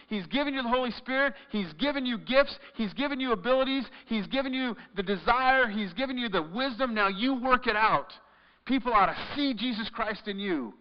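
A man preaching in a church, his voice sitting high for a man. His delivery swings from loud, insistent urging to hushed, searching questions. The sound is muffled and trails off in the long reverb of a big hall. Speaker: pastor. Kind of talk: sermon.

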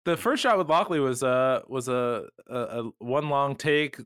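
A man co-hosting a podcast in casual chat, enthusiastic and joking, talking in quick bursts. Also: mid-range voice, fairly bright tone, clean tone, no room sound, clean studio sound. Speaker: podcast co-host.

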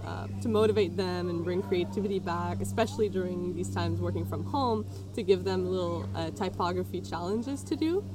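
A woman's voice: fairly low pitch, background noise. A woman who organizes a design community, chatting casually in a podcast and often restarting her words.

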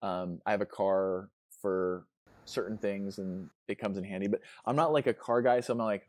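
A man's voice: fairly low pitch, fairly even intonation, normal speed, darkish tone, no echo. Easygoing man host, rambling and dry-sounding. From Chicago. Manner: easygoing, rambling, searches for words. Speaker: podcast host. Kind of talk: casual interview chat.

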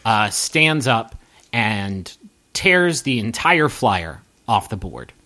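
A man narrating a tabletop game as game master, loosely and with many pauses and fillers. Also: lowish voice, very animated, bright, forceful tone.

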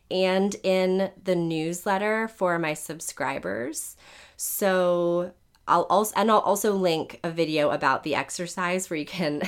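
Scratchy-voiced woman podcast host. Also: on the low side. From United States. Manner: warm-hearted and chatty, with fillers like "like" and "um". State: scratchy, strained voice. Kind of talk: casual podcast outro.

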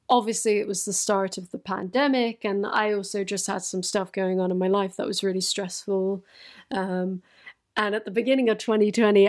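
A young woman, chatting casually and answering viewer questions on her channel, often laughing and poking fun at herself. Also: mid-range voice. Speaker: YouTuber. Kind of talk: casual chat, Q and A.

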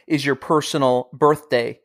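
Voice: medium pitch, fairly even intonation, unhurried. A podcast host in casual chat, upbeat and guiding listeners with short prompts.

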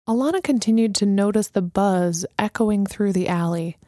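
A woman narrating an audiobook in a steady, measured reading. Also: mid-range voice, dry recording, clean studio sound.

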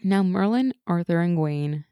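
Animated young woman with a mellow, low voice. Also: normal speed, clean tone, dry recording, studio quality. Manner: animated, acts out quotes, laughs often. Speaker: podcast co-host. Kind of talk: casual TV recap chat.

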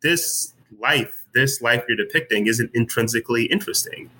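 A man talking in a relaxed interview, thoughtful and searching, with many fillers and restarts as he works through his ideas. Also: medium pitch, moderate pace, slightly rough, poor audio. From United States. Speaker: guest writer. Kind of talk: casual conversational interview.

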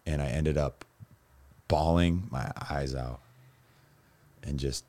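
A man with an extremely low, rumbling voice speaks as a guest about his own life. He rambles through his story with frequent fillers and self-corrections. He turns lively and animated when he recounts funny moments. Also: slow pace. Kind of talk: candid personal storytelling.

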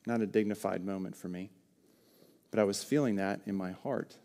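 A man's voice: on the low side, fairly even intonation, moderate pace, warm tone. Earnest man preaching a sermon. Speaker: pastor.

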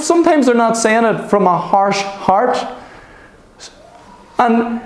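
High-voiced preacher in an echoey hall. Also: male voice, a little slow, pauses often, slight background noise. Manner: animated, asks "Amen?" often. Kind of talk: sermon.

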